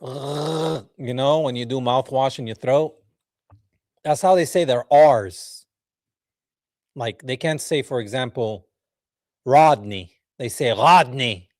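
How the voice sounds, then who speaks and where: A man hosting a reaction video, commenting in an animated, mocking way, laughing and talking straight to his viewers. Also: medium pitch, takes it slowly, pauses often, no echo, studio quality. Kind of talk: reaction commentary over a played clip.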